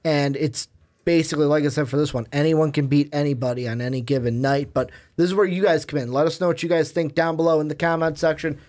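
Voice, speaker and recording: A man's voice: on the high side, steady tone, fast, darkish tone. A man co-hosting a casual sports podcast, chatty and jokey as he talks through games and picks. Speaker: podcast co-host.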